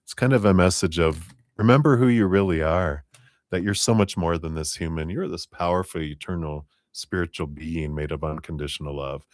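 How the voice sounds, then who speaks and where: A man with a low, deep voice reads tarot on a live stream, talking gently and taking his time over each card. His voice is close to the mic and sounds dry, with no room around it. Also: dry recording. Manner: gentle, unhurried spiritual guidance. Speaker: tarot reader.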